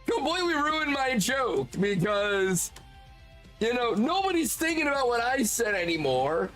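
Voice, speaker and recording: High, lively-voiced male streamer. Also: measured pace, faint music behind. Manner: profane, laughs often, talks to chat. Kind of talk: casual live-stream chat.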